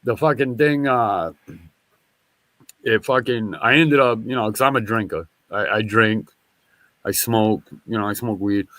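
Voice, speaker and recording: Profanity runs all through this man's long, meandering story, told animatedly and full of false starts as he backtracks and begins sentences over. He speaks at a measured pace in a fairly low voice, with no room sound.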